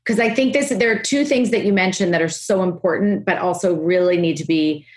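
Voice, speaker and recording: A woman hosting a podcast interview, talking enthusiastically and rushing through her thoughts with restarts. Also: fairly low pitch. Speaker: podcast host.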